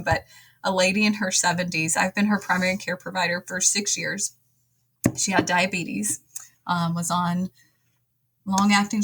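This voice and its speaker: Lady telling a patient story, husky voice, gets lively when she quotes people. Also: medium pitch, low-quality recording. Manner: animated, acts out quoted dialogue. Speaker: nurse practitioner guest. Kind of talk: conversational storytelling.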